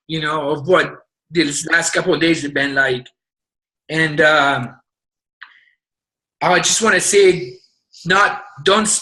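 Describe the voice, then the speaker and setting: A man giving a halting, emotional pep talk to his team over a video call. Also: a little high, bright, forceful tone, low-quality recording.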